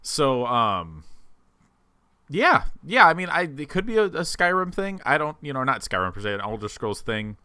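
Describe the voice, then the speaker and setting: Dry, bright-toned man, hedging and chatty. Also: medium pitch, very animated, moderate pace, clean tone, no room sound. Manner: hedging, full of fillers. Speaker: podcast co-host. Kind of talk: casual live-stream commentary.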